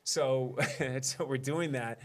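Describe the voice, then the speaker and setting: A man's voice: mid-range voice, takes it slowly. A man in his thirties, a mayor and guest on an interview show, telling a personal story in a casual, self-deprecating way and laughing often.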